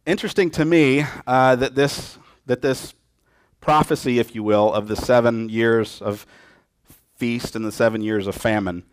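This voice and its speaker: A man's voice: mid-range voice, moderate pace, smooth, no echo, clean studio sound. A man preaching a sermon, retelling a scripture story and acting out the lines of its people in changing voices. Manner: lively storytelling, acts out quotes in voices.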